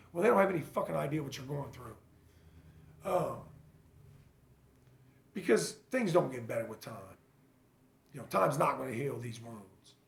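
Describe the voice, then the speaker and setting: Blunt, gravelly-voiced man in an echoey room. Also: on the high side. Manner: blunt, earnest, swears freely; halting, full of fillers and restarts. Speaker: father sharing his recovery story. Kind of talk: casual personal vlog monologue.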